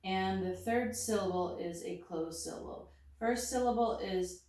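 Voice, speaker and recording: A woman's voice: medium pitch, measured pace, darkish tone. A woman teaching a lesson, working through each word step by step and naming every action aloud as she does it. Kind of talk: slow step-by-step phonics demonstration. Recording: very echoey room, voice from a distance.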